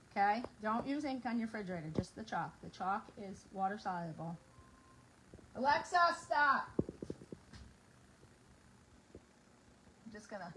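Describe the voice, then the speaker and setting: A woman's voice: on the high side, noisy background. A middle-aged woman chatting casually as she demonstrates a craft project in her home kitchen, bubbly and talking while she works. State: out of breath. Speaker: craft vlogger. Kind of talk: casual demo chat.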